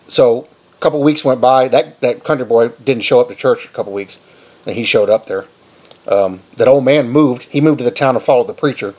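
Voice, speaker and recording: A husky-voiced man with a drawl preaches through a homespun story. He talks casually and rambles as he goes. His pitch sits in an ordinary middle range. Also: brisk. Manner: rambling, conversational, relaxed retelling. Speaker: Christian video preacher.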